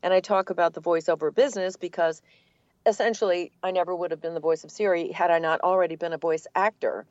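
An older woman, a voice actor from the Boston area with a neutral standard accent, telling her story in a relaxed, articulate interview. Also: on the low side, quick pace, no echo, muffled recording. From Boston area, USA. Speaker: guest, voice actor. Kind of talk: casual interview answers.

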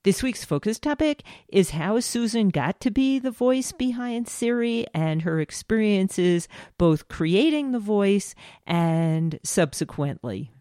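A woman hosting an interview show, introducing the topic and asking prepared questions in a clear, measured way. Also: mid-range voice, expressive, warm tone, dry recording. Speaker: host.

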